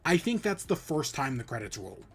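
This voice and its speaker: A man's voice: mid-range voice, moderate pace, husky. A man hosting a podcast, giving a casual, rambling spoiler review with frequent swearing, restarts and acted-out reactions. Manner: rambling, profane, animated retelling with many restarts. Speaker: podcast host.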